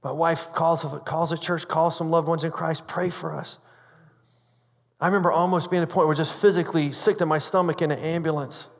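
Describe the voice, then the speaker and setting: A male pastor preaching with an earnest storyteller's manner, tripping over and repeating words as he goes. His voice sits a little high for a man, and it rings out with the long reverb of a large hall. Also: little pitch movement, quick pace, hardly any pauses. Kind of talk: sermon with personal story.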